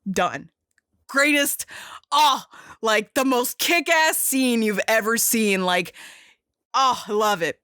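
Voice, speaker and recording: A young woman hosting a podcast, casually and excitedly retelling a movie scene with lots of swearing and fillers. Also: a little high, slow, long pauses, no room sound, studio quality. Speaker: podcast host.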